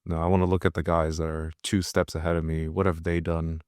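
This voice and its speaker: Deep, even-toned man speaking candidly. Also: fairly quick, smooth, no echo, studio quality. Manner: thoughtful, candid, with soft laughs. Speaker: fighter and podcast host. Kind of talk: casual podcast conversation.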